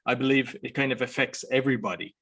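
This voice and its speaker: A man's voice: medium pitch, steady tone, fast, a bit bright, husky. A man hosting a podcast interview, talking in a loose, conversational way with many fillers. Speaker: podcast host. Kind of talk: casual interview chat.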